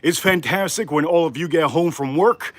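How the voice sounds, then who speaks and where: A man's voice: a little high, normal speed, dry recording. A man hosting a casual live cooking stream from his home kitchen, out of breath from crouching while he talks to his viewers. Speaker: livestream cooking host.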